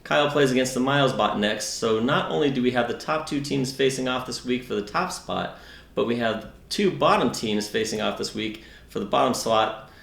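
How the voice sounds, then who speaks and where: A man reads out league results in the manner of a mock news anchor, his delivery dry and sardonic. His voice sits at a middling pitch, and it carries a noticeable room echo. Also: moderate pace, vocal fry, a bit bright. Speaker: news-style fantasy league co-host. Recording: roomy echo.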